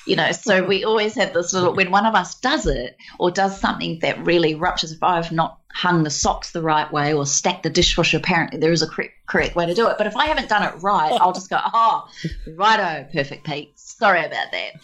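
Low-voiced woman telling stories. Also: fast talker, few pauses. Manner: animated, expressive storyteller who slips into voices. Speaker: guest speaker. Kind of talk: casual conversational storytelling.

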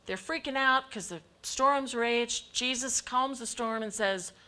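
Bright high-voiced woman preaching. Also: unhurried. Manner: emphatic, acts out quoted voices of God and people. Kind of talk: sermon.

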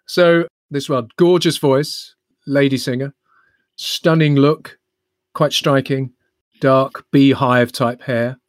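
A man's voice: medium pitch, steady tone, slow, no echo, studio quality. A man co-hosting a podcast, running a music quiz and giving rambling clues with a laugh. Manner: jokey, laughs often, gives rambling clues. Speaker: podcast co-host and quizmaster. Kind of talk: casual quiz chat.

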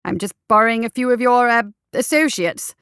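A woman voicing a flustered, scheming male doctor who stammers and talks too loudly. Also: medium pitch, normal speed, dry recording, clean studio sound, lightly acted. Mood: fumbling. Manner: stammering, overly hearty, raises voice.

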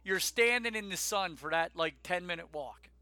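A middle-aged man co-hosting a casual chat show, talking in an animated, emphatic rant. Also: high-pitched, normal speed. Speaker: podcast co-host.

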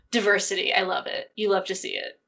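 A woman's voice: medium pitch, flat delivery, normal speed, vocal fry, fairly bright tone. A woman co-hosting a podcast, chatting casually about a movie, laughing often and trailing off mid-sentence. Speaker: podcast co-host. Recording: dull lo-fi audio.

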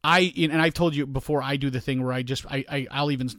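A man's voice: medium pitch, fairly even intonation, quick pace, fairly bright tone, dry recording. Rambling storyteller man, dry close sound. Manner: rambling, storytelling with quoted asides. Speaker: podcast co-host. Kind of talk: casual chat.

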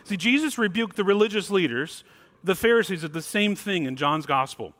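A man preaching a sermon as pastor, emphatic, swinging between loud stressed words and quiet, low asides. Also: expressive, brisk.

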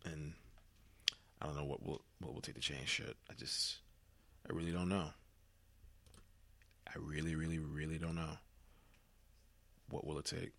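A man's voice: very deep voice, flat delivery, unhurried, creaky, pauses often, a bit bright, dry recording. A worn-out young man hosting a solo podcast, rambling wearily and swearing freely, sometimes dropping to a whisper. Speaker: podcast host. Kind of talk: solo reflective monologue.

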